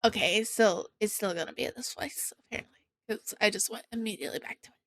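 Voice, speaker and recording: A woman streamer chatting casually with viewers in a bubbly, excited high-pitched voice. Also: fast talker, no echo, clean studio sound. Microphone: desk microphone.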